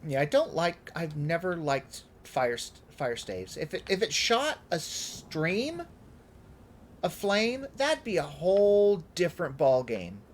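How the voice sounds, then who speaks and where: A man's voice: a little high, takes it slowly, slight background noise. A man casually commenting as he plays a game on stream, thinking aloud about his setup. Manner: relaxed, chatty, thinking aloud while playing. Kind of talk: casual let's-play commentary.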